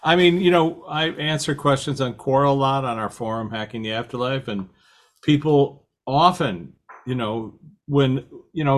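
A man hosting a podcast, explaining ideas reflectively with many "you know" fillers. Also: medium pitch. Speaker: podcast host. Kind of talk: casual podcast conversation.

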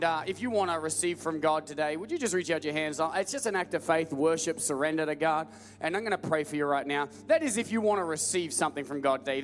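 A young man from the American South with a Southern accent, preaching a lively call-and-response sermon to a church crowd. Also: a little high. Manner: energetic call-and-response preaching, rising to loud emphatic repetition. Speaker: pastor. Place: large church hall with live audience. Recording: echoey church hall with faint music.

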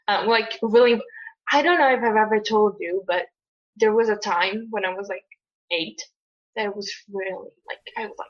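A woman's voice: medium pitch, a bit bright. A young woman from Italy, casual and rambling, full of fillers and restarts. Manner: rambling, many fillers and restarts, laughs often. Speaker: guest co-host. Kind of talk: casual conversation. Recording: lo-fi dull audio.

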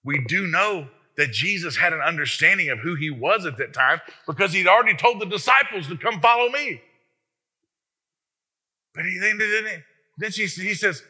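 A man preaching a sermon as pastor, animated and emphatic, often speaking straight to the congregation with rhetorical questions. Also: sits high, moderate pace, slightly rough.

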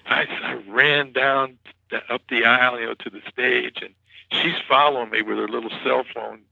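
A man with a gravelly, bright and sharp-edged voice tells stories in a loose, rambling way, full of restarts and "you know"s. The sound is dry and close but a little muffled and lo-fi. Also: mid-range voice, fairly even intonation, moderate pace, dry recording. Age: 40s or older. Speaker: guest musician. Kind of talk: casual interview storytelling.

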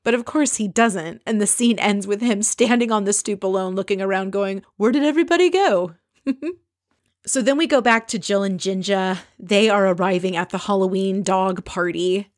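A woman's voice: medium pitch, fairly even intonation, moderate pace, hardly any pauses. A chatty woman recaps a reality show in an easy, conversational way. She is opinionated and often slips into little impressions of the people she is describing. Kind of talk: casual recap chat.

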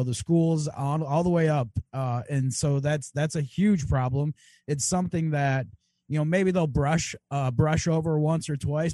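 A man's voice: on the high side, darkish tone, no room sound. A man co-hosting a casual political livestream, reading out viewer comments and chatting in a laid-back way with casual swearing. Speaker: podcast co-host.

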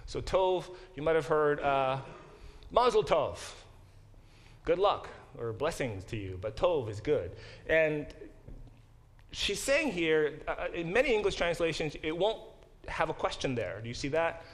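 A man teaches a church Bible class in a conversational lecture style, frequently putting questions to the class and often restarting his sentences. His voice sits on the high side, sing-song and unhurried.

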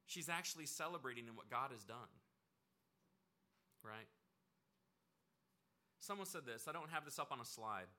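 A pastor preaching a conversational, emphatic sermon. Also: male voice, mid-range voice, expressive, moderate pace, pauses often, bright, forceful tone.

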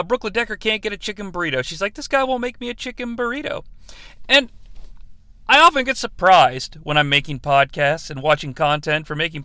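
Podcast guy ripping on a bad movie, bright lively voice, swears a lot. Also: high-pitched, no room sound. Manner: animated, profane, jokey. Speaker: podcast host. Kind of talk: comedic movie review.

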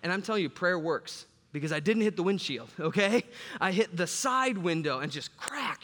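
A man from the south side of Chicago delivers a sermon as an animated, joking storyteller. His voice sits a little higher than most men's. It rings out with a long reverb in a big church sanctuary. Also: normal speed. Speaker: pastor. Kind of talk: sermon with humorous personal story. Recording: long reverb from a large hall.

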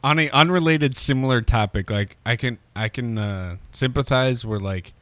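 A man's voice: mid-range voice, moderate pace, fairly bright tone, no room sound. A man co-hosting a casual podcast, joking and teasing his friends. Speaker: podcast co-host. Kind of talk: casual chat.

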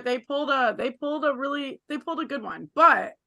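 A woman's voice: high voice, expressive, fairly quick, creaky, bright, forceful tone. A woman co-hosting a podcast, chatting in a jokey, self-deprecating, profane way. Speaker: podcast co-host. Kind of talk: casual podcast chat.

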